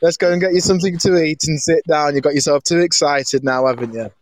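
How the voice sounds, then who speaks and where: A man's voice: fairly high pitch, fairly even intonation, fast talker, no room sound. A man co-hosting a podcast in casual chat, teasing with dry humor. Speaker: podcast co-host.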